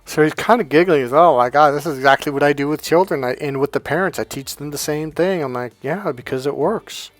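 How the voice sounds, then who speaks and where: A man talking as a life coach, telling a story casually and acting out the dialogue with lively changes in voice. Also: fairly high pitch, a little fast, few pauses, dry recording, faint music behind. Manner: animated, acts out quoted dialogue.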